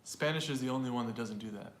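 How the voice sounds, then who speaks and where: A man's voice: medium pitch, fast talker, echoey room. A man teaching an online pronunciation lesson, chatty and loose, repeating example phrases aloud to show how they sound. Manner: loose and chatty, with fillers and small laughs. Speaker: language teacher and host.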